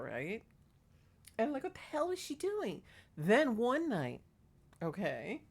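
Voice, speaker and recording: A middle-aged woman talks straight into a small clip-on mic, spinning a neighborhood story in a loose, chatty vlog. She sounds fed up and indignant, with a pitch that sits right in the middle for a woman. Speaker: vlogger. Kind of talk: casual gossip vlog. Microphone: clip-on microphone.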